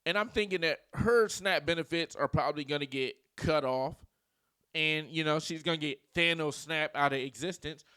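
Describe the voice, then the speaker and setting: A man giving animated, mocking reaction commentary straight to his viewers. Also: on the high side, normal speed, clean tone, no echo. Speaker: commentary vlogger.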